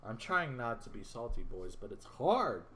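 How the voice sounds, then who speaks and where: A man's voice: medium pitch, very animated, moderate pace, a bit bright, a little hiss or hum. A man ranting to his viewers in casual gameplay commentary, frustrated, swearing and rambling, calling them "boys". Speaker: gaming YouTuber.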